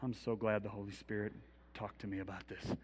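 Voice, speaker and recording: A man's voice: fairly low pitch, fairly quick, slightly rough. A middle-aged man preaching a sermon in a church, telling personal stories and leading a prayer. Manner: storytelling, animated, rising to loud pleas. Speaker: minister. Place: church hall.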